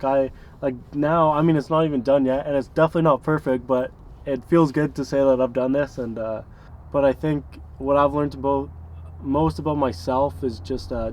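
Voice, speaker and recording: A man's voice: mid-range voice, darkish tone, a little hiss or hum. A man in his early twenties telling stories in a casual, rambling way, full of fillers and small chuckles. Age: 20s. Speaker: interviewee, van dweller. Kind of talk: casual storytelling.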